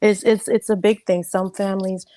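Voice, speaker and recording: A woman guest on a casual panel chat, talking in an animated, emphatic way and laughing often. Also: medium pitch, moderate pace, slight background noise.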